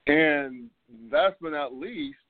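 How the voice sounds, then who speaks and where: A man's voice: on the high side, takes it slowly, dry recording. A man in his fifties hosting a casual sports talk show, loose and rambling, full of fillers and laughs. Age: 50s. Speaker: podcast host. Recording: phone-like line, dry sound.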